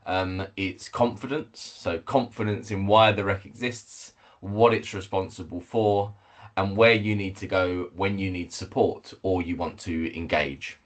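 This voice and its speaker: Deep-voiced man presenting a webinar. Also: steady tone. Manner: measured, with frequent fillers and restarts. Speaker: head of communications. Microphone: video call.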